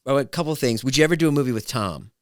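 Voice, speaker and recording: A man's voice: mid-range voice, expressive, rapid-fire, smooth, dry recording, clean studio sound. A man hosting a podcast in casual chat, asking questions and chiming in with short, eager replies. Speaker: podcast host.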